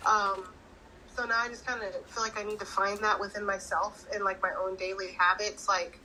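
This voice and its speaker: A woman guest talks about her loss, hesitant and full of fillers. Her voice is bright and tense. A faint hiss of noise sits under the recording. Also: mid-range voice, flat delivery, normal speed, low-quality recording. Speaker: guest sharing her grief. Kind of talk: personal conversation.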